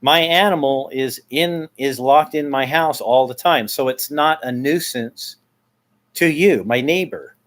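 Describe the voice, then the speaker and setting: A man's voice: mid-range voice, measured pace, a bit bright. Aggrieved man rambling to his neighbor. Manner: rambling, with frequent restarts and repeated words; aggrieved, airing complaints. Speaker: vlogger addressing his neighbor. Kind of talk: casual spoken monologue.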